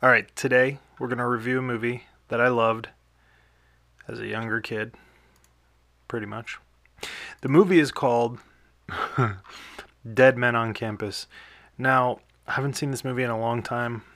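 Young man, podcast host, casual movie chat, bright forceful voice, dry close sound. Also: mid-range voice, fairly even intonation, unhurried, long pauses, no room sound. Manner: rambling, filler-heavy, chuckling.

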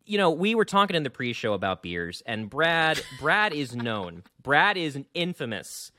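A man hosting a casual gaming podcast, rambling and animated with lots of fillers. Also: fairly high pitch, moderate pace. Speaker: podcast host.

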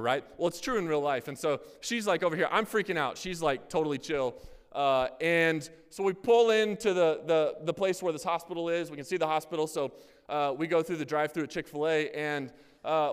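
A man's voice: on the high side, smooth. A man in his thirties preaching a sermon, casual and self-deprecating as he tells a family story. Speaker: pastor. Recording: hall with long reverb.

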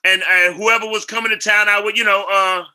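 As an interview guest, a New York singer and actor tells lively, casual anecdotes at a brisk clip, slipping into other people's voices along the way. His voice is high for a man, very bright and forceful, and his storytelling is animated.

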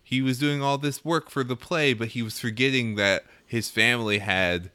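A man's voice: mid-range voice, normal speed, pushed and bright, clear, resonant tone, dry recording. A man co-hosting a casual movie-review chat, jokey and enthusiastic, laughing between remarks. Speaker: podcast co-host.

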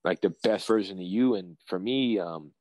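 A young man, a professional fighter, chatting casually in an interview and telling rambling, excitable, profane stories. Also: deep voice, normal speed, no room sound, rough recording.

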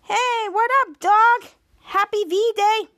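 A woman's voice: very high voice, very animated, fast talker, voice pushed up. A woman doing a bratty little girl. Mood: sassy.

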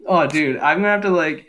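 Young male podcast co-host, bright and fairly high, laughs through his impressions, home mic with a faint hiss. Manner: laughs often, doing quick grunts and death-cry impressions. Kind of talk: casual podcast chat. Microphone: home microphone.

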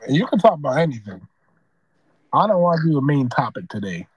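A man's voice: fairly high pitch, very animated, brisk, a little mellow, slightly rough, low-quality recording. A young man hosting a podcast with friends, loose and joking, laughing often. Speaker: podcast host. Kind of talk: casual podcast chat with friends.

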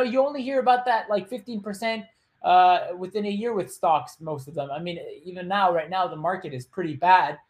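Chatty male podcast host. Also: high voice. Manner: chatty, loose, with joking asides and quick put-on voices. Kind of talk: casual storytelling monologue.

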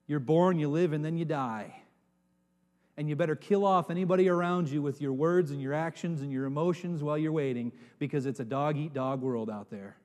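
A high-voiced man preaching a sermon to his congregation. He drops to a hush, then rises to dramatic shouts. His voice rings out with a long reverb in the church hall. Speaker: pastor.

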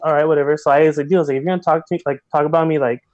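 A man guest on a podcast, telling a story in casual chat, animated and full of slang and filler words. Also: fairly high pitch, racing, muffled recording. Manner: animated, heavy slang, many filler likes.

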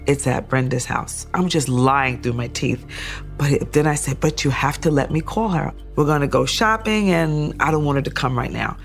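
A woman's voice: sits low, moderate pace, soft background music. A woman giving documentary testimony, steadily retelling events in close detail and acting out remembered thoughts and dialogue. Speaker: survivor telling her story.

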